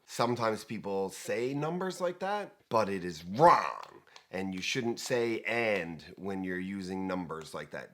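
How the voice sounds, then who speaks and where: Animated, joking male show host. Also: deep voice, unhurried, hardly any pauses. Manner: lively, joking, rambling asides. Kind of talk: casual real estate talk show.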